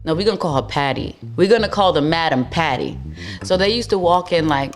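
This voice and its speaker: A young woman hosting a podcast tells a story in a blunt, slangy, animated way. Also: fairly low pitch, fairly quick, soft background music. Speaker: podcast host. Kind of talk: casual storytelling monologue.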